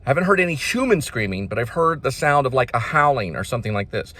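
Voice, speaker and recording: A man hosting his own channel, talking casually to the camera in a rambling, repetitive way, restarting sentences and slowly spelling out names. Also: medium pitch, very animated, bright, forceful tone. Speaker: independent filmmaker and channel host.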